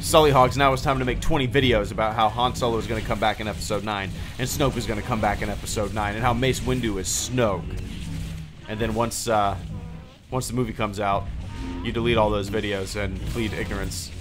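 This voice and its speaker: A man's voice: on the low side, steady tone, brisk, over music. Rambling male game streamer. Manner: rambling, loose, with many fillers and restarts. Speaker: streamer and channel host. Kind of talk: casual live-stream chat while gaming.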